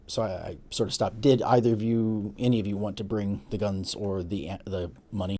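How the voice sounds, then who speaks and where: A man narrating a tabletop role-playing game as game master, casual and halting, with many fillers. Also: fairly low pitch, fairly even intonation, warm tone.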